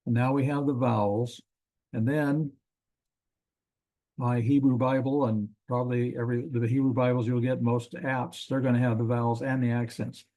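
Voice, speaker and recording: A man teaching a classroom lecture in a relaxed, rambling way, with frequent ums and self-corrections. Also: mid-range voice, moderate pace. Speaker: Hebrew teacher.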